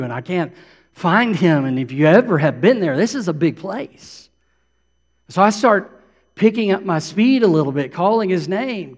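A man's voice: fairly high pitch, lively intonation, moderate pace. A middle-aged man preaching a sermon, repeating phrases for emphasis as a pastor. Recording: long hall reverb.

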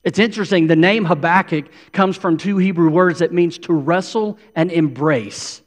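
A man's voice: high voice, moderate pace. A man preaching a sermon with earnest intensity, acting out pleading prayers as he goes. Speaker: pastor. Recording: long hall reverb.

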